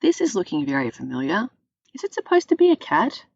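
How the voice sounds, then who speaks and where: Jolly dad figure, put on by a woman storyteller, drawn-out delighted remarks, dry dull sound. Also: lowish voice, huge pitch swings, gravelly, husky, no echo, heavily acted. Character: jolly middle-aged father judging.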